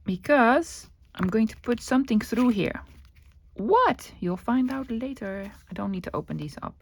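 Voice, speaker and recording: Gravelly Dutch-accented woman crafting. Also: fairly high pitch, animated, normal speed. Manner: chatty, thinks aloud and answers her own questions. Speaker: crafting vlogger. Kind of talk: casual crafting commentary.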